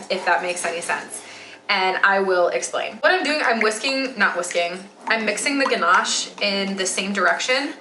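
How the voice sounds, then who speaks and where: Woman, 20s, from Metro Detroit; relaxed rambling kitchen vlog, filler-heavy, roomy echo. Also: medium pitch, background noise. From Metro Detroit, USA. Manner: chatty, rambling with many "like" fillers. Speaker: vlogger. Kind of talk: casual chat while baking. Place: home kitchen.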